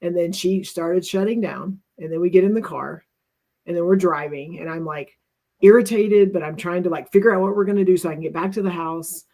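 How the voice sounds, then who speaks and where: A woman's voice: lowish voice, fairly quick, warm tone. A middle-aged woman co-hosting a talk, telling a personal story in an earnest, reflective way and often restarting her sentences.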